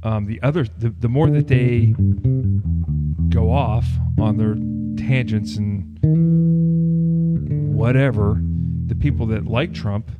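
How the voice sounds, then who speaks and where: Exasperated low-voiced man with loud guitar behind. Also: slow, long pauses, narrow, tinny audio. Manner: exasperated, animated rant. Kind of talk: casual political chat. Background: loud guitar music.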